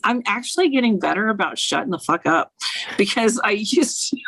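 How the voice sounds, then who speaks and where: A woman's voice: fairly high pitch, fairly quick, fairly bright tone, no echo, poor audio. A woman who reads tarot for a living talks frankly in a casual interview and swears freely. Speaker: tarot reader and author. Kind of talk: casual conversation, interview guest.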